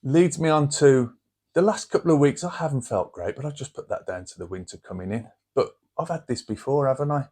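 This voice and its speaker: A man's voice: medium pitch, expressive, fairly quick, darkish tone, slightly rough. A middle-aged man with a Birmingham accent, chatting casually to camera as a channel host in a rambling, down-to-earth way. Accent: Birmingham (Brummie). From England.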